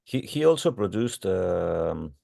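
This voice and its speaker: A man interviews a guest, stumbling over his words and repeating them as he builds each question. His voice is low with a gravelly fry. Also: sing-song, mellow. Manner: halting, repeats words while forming questions.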